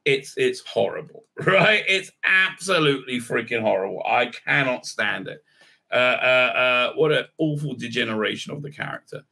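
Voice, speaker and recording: A man's voice: medium pitch, lively intonation, moderate pace, creaky, sharp tone. A man giving an exasperated, sarcastic recap review, full of "uh" fillers. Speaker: YouTube reviewer. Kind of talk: ranting episode recap.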